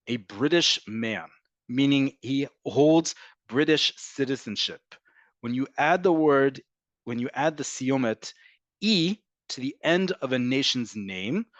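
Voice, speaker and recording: A man teaching an online class, patiently explaining and slowly repeating words to model how they sound. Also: medium pitch, dry recording. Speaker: Hebrew teacher.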